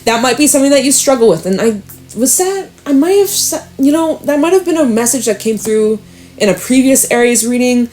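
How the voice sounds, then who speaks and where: A woman's voice: high-pitched, animated, a little fast, a little mellow, faint music behind. A young adult woman giving a casual spoken tarot reading, chatty and emphatic, swearing now and then and using lots of fillers. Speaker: tarot reader.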